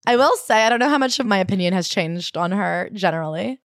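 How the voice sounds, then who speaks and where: Quick-talking woman cohost, sharing opinions fast, dry close mic. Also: mid-range voice, animated, dry recording. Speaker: podcast co-host. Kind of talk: casual chat.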